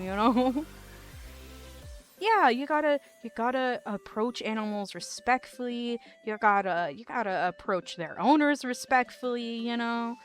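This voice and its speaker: A woman's voice: on the high side, unhurried, faint music behind. A woman streamer chatting casually with her live chat, rambling and giggling often with lots of "like".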